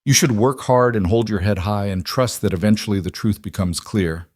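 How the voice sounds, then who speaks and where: A man voicing a quiet cowboy who speaks in a calm, measured and firm way. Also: on the low side, dry recording, close to an everyday voice.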